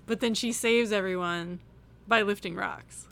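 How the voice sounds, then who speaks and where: A middle-aged woman co-hosting a podcast in casual chat with her grown child, animated and quick to laugh, acting out quotes. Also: medium pitch, vocal fry. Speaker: podcast co-host. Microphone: home computer microphone, remote call.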